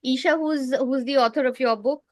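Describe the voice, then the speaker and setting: A woman's voice: high-pitched, fairly even intonation, moderate pace, dry recording. A woman facilitating an online study group, explaining at length with a tiring voice. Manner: explains at length, often restarts phrases.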